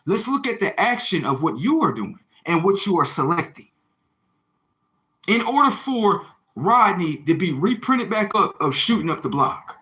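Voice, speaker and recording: A man's voice: sits high, very animated, moderate pace, sharp tone. A man hosting a livestream, delivering a confrontational, preachy monologue full of rhetorical questions, slang and swearing. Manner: slangy, swearing, repeats phrases for emphasis. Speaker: livestream host.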